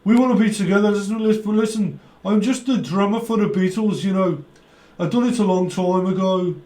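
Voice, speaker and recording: A man's voice: high voice, a little fast, a little mellow, roomy sound, recorded from a distance, pitched above the performer's own voice, natural voice. A man putting on the voice of a chatty older male rock drummer reminiscing about his old band, in a chummy, repetitive way. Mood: boastful.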